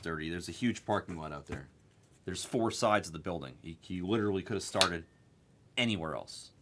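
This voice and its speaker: Animated ranting man hosting card break. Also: fairly low pitch, slight background noise. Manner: animated, profane, ranting storyteller. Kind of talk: live card break chat.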